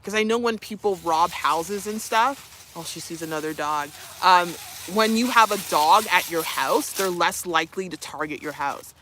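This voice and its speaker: A woman's voice: fairly low pitch, normal speed, hardly any pauses, pushed and bright, a little hiss or hum. A young woman streaming live, chatting casually, reading viewer comments, laughing often and cooing to her dog. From Canada.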